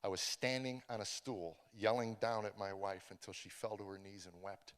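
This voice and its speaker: Man telling his testimony, halting, in a reverberant hall. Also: lowish voice, fairly even intonation, clean tone. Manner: halting, repeats words and restarts often. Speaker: comedian giving a testimony. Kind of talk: personal testimony told to a live audience. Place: large room with an audience.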